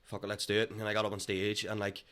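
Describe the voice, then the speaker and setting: Rapid-fire young Northern Irish man. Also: lowish voice, monotone, a bit bright. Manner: very fast-talking. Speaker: guest comedian. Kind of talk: casual chat.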